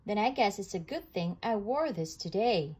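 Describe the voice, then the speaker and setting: A woman voicing a goofy, easygoing male cartoon dog in a storybook read-aloud, dopey and low. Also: lively intonation, normal speed, a little mellow, breathy edge. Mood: silly.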